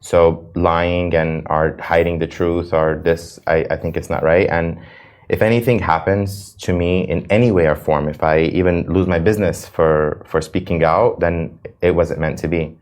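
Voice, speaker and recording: A man's voice: deep voice, steady tone, normal speed, darkish tone. A man from the United States, an interview guest, speaking earnestly and passionately, often restarting his sentences. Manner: earnest and impassioned, with frequent restarts. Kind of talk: emotional interview talk.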